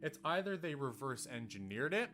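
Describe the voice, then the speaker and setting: A man's voice: mid-range voice, big pitch swings, moderate pace, a bit bright. Young male streamer, casual profane rant, music underneath. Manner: ranting, profane, rambling. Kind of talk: casual livestream chat. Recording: music playing behind.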